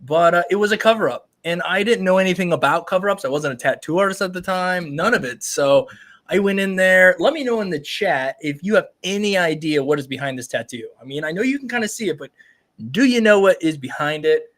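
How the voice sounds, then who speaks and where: Thirties male tattoo artist, live-stream host, upbeat and rambling, slightly higher voice. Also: animated, brisk, a bit bright. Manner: rambling and upbeat, addresses viewers directly. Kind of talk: casual live-stream chat.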